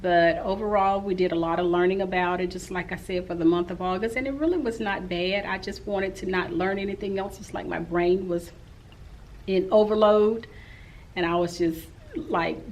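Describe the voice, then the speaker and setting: Lower-pitched woman rambling about her school day. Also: steady tone, normal speed, a little mellow, rough recording. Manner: rambling and talkative. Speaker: teacher. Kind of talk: casual vlog recap.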